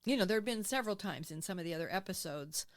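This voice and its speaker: A woman in her sixties, a podcast guest, telling her own story in a candid, emotional, animated way and acting out what she said back then. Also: fairly low pitch, quick pace, no room sound. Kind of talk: candid interview conversation. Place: podcast studio.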